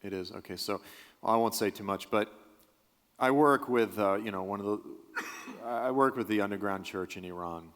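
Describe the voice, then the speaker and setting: A man teaching on Bible prophecy who answers audience questions during a church service, telling earnest stories and acting out the quotes. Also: fairly low pitch. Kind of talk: storytelling in a church Q&A. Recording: long hall reverb from a large church.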